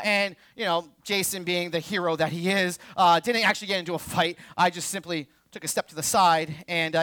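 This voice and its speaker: A pastor in his thirties preaching a sermon, animated and joking as he tells stories. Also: high-pitched, dry recording. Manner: animated storytelling with quips and laughs.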